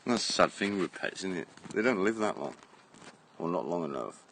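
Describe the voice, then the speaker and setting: Deep-voiced man rambling on a phone stream. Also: very animated, normal speed, creaky, fairly bright tone, slight background noise. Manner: rambling, blunt, laughs often, swears. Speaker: live streamer. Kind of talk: casual live-stream chat. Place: outdoors in a garden. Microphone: phone held at arm's length.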